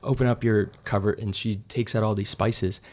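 Guy in his thirties telling a story, animated, acts out what people said, casual interview. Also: lowish voice, normal speed. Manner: animated, quotes others in voices. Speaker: restaurant co-owner, former finance worker.

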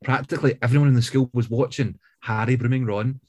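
A man with a husky, breathy voice and a middling pitch. He co-hosts a podcast and reads crude fan fiction aloud in a deadpan way. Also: quick pace. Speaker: podcast co-host.

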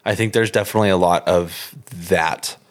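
A young man speaking in a measured, thoughtful way during a casual chat. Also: low voice, steady tone.

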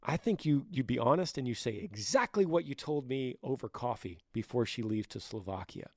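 A man's voice: medium pitch, lively intonation, normal speed, dry recording, clean studio sound. Earnest man with a scratchy voice. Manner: earnest, conversational, with restarts and soft laughs. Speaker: podcast host. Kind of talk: casual advice talk.

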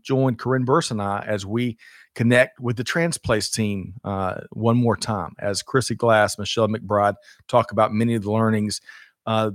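A man's voice: lowish voice, dry recording, studio quality. Chatty man co-hosting a livestream. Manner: upbeat, chatty, laughs often, many fillers. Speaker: co-host of a livestreamed supply chain show. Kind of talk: casual livestream chat.

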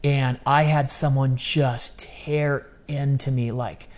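A man in his thirties, a guest telling a personal story in casual chat, animated and full of slang. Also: mid-range voice, takes it slowly. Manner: animated, casual slang, acts out quoted voices.

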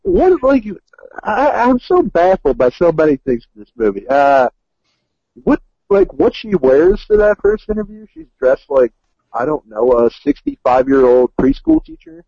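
Baffled husky man with a lively voice. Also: a little high, dry recording, muffled recording. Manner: baffled, halting, lots of restarts. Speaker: podcast co-host. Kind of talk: casual comedic movie review chat.

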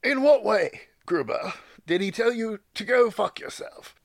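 A pompous adventurer, as a man puts him on in a tabletop game, grandiose and florid. His high voice swoops widely, gravelly in a dry, close-sounding space. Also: animated, a little slow, no room sound, full character voice. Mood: brisk. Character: pompous, self-assured male adventurer.

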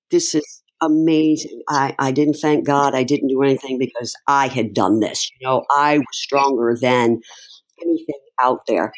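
A middle-aged woman, an interview guest, recounts a personal story in conversation, speaking emotionally and haltingly with many restarts. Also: extremely low pitch.

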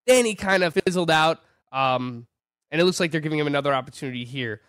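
A man with a fairly high voice talks through numbers in a casual podcast chat. He sounds animated and ready to argue his point. The sound is dry and close, with no room around it. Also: fast talker, smooth, dry recording. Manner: animated, argumentative, stat-heavy. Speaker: fantasy baseball podcast co-host. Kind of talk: casual sports analysis chat.

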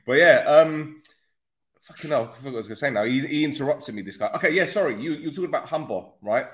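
A man's voice: medium pitch, lively intonation, quick pace. A man hosting a casual football interview, chatty and rambling, joking with guests. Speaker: podcast host. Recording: echoey room.

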